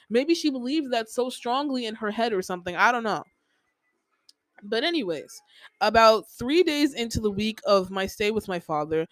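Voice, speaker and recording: A woman's voice: fairly high pitch, dry recording, rough recording. A young adult woman hosting a podcast, venting in a casual personal monologue with many "like" fillers, repeating herself. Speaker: podcast host.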